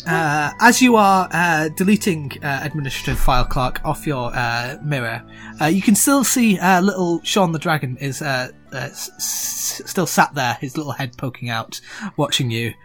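A man's voice: fairly high pitch, animated, normal speed, a bit bright, faint music behind. A man narrating a tabletop game as game master, rambling with many fillers.

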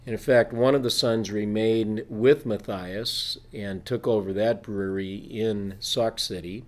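A man's voice: fairly low pitch, fairly even intonation, unhurried, darkish tone. A man from Wisconsin who heads a brewery, telling its history in an informative, precise way. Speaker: brewery president. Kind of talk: interview answers.

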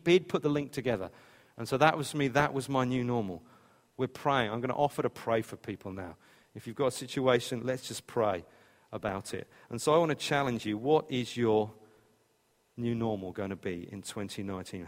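Male pastor, mid pitch, lively sermon delivery, echoing church hall. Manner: animated storytelling, acts out quotes.

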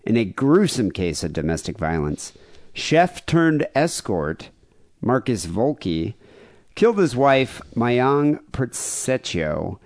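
A man's voice: lowish voice, very animated, takes it slowly, darkish tone, no room sound, studio quality. A man co-hosting a comedy podcast, reading out news stories and riffing on them in a wry, storytelling way. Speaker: podcast co-host. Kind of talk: casual comedic chat.

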